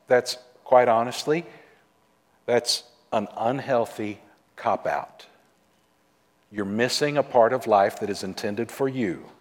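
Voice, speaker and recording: A man preaching a sermon as pastor, speaking emphatically and repeating key phrases for stress. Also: medium pitch. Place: church sanctuary. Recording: long hall reverb.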